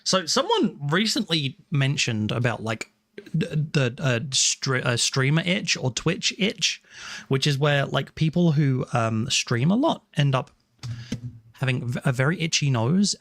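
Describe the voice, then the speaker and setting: A man's voice: medium pitch, big pitch swings, a little slow, gravelly, a bit bright, dry recording. A casual English streamer, a man with an English accent, talking with his viewers from his room at home. His voice sits in a middle register and is recorded dry and close, with hardly any room sound. He rambles, thanks people and restarts his sentences often. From England. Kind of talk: casual live-stream chat. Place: small warm room at home.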